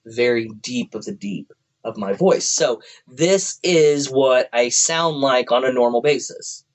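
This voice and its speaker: A man in casual podcast chat, speaking at a middle pitch and rambling freely between jokes. He laughs often and slips into a deeper voice when retelling stories. He is recorded at home on a podcast mic. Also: measured pace, rough recording. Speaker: podcast co-host. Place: room at home.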